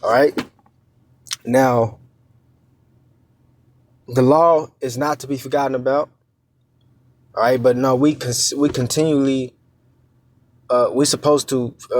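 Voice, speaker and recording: Teaching scripture informally, this mid-range-voiced preacher keeps things conversational, often asking "all right?" and saying "man," pausing on fillers and restarting often. He reads the verses slowly and with care, and there's slight background noise.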